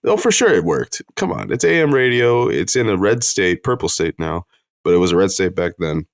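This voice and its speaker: A man's voice: deep voice, big pitch swings, a little fast, dry recording, clean studio sound. A man co-hosting a podcast, chatting casually with crude, sardonic jokes. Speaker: podcast co-host. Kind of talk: casual banter.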